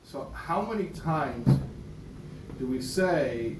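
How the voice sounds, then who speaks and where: A man teaching a class and telling a story in a lively way, stumbling over and repeating words as he goes. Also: fairly high pitch, slow pace. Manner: animated storyteller, repeats words, voices characters. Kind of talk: lecture with a told story. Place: synagogue class room. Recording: echoey room from far off, noisy.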